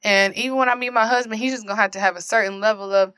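A woman co-hosting a podcast, talking in a playful, sassy, animated way. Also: mid-range voice, very fast. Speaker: podcast co-host. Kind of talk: casual podcast banter.

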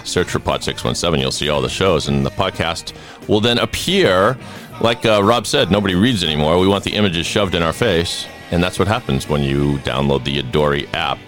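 A man's voice: low voice, expressive, brisk, a bit bright, faint music behind. A man from hosting a podcast in a rambling, stammering, jokey way. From Boston. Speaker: podcast host. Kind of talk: casual podcast chat.

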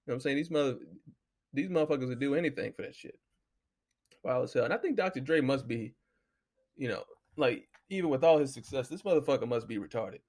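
Man, podcast host, gravelly, mid pitch, loose storyteller, salty language. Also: fast. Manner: loose, animated storytelling, heavy cursing. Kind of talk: casual profane commentary.

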